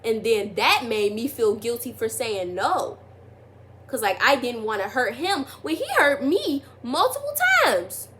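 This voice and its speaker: A woman's voice: fairly high pitch, big pitch swings, measured pace, fairly bright tone, slight background noise. A young woman telling a personal story in a casual vlog, rambling with constant fillers and getting emphatic as she retells arguments. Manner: rambling, heavy use of "like", restarts. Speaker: vlogger.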